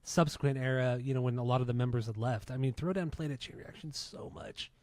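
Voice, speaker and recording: A man's voice: medium pitch, fast, a little mellow, no room sound. A man in his forties from Southern California, hosting a podcast in a laid-back, chatty way. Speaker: podcast host. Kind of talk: casual podcast chat.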